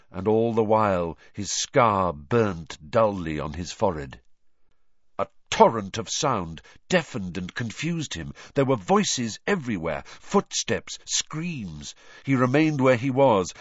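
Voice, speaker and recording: A male narrator reading a novel aloud with a lively, rising and falling delivery and a dramatic storytelling manner. The recording is dry and a touch dull, like a home studio audiobook. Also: on the low side, dry recording.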